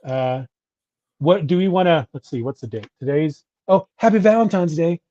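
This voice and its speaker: A man's voice: a little high, expressive, normal speed, warm tone, no echo. A middle-aged man co-hosting a podcast, chatting casually in a rambling way and often restarting his sentences. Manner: rambling, self-correcting, chatty. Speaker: podcast co-host. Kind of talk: casual chat. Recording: dull lo-fi audio.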